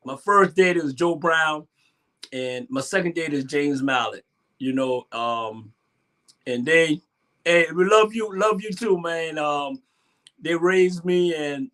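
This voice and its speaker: Southern guy about sixty, bright forceful voice, talks big and chatty. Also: fairly high pitch. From Savannah, Georgia, US. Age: 60s. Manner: lively, boastful, chatty with fillers. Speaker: host. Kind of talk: animated solo talk show monologue.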